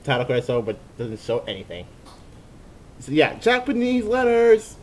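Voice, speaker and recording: A man's voice: medium pitch, wildly swooping pitch, normal speed, a little hiss or hum. Rambling man narrating a fan dub. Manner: rambling, full of fillers and restarts. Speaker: fan dubber, channel host. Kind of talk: casual improvised photo-dub narration.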